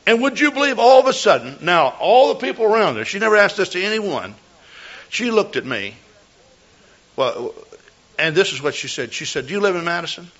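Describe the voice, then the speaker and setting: A man's voice: high voice, big pitch swings, a little fast, fairly bright tone. An older man preaching a sermon as a pastor, telling a folksy story with repeated words and restarts. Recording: dull lo-fi recording.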